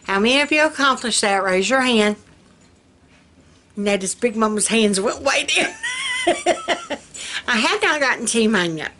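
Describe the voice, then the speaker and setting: A woman's voice: on the high side, lively intonation, normal speed, noisy background. An older woman, chatting casually to her viewers in a folksy way and laughing often at her own jokes. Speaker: vlogger. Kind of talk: casual chat to camera.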